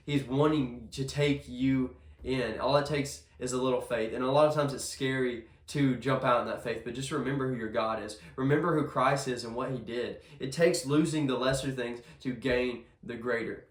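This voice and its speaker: A man giving a casual devotional sermon in a chapel, earnest and conversational, often restarting his sentences. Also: medium pitch. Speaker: devotional speaker. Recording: echoey room.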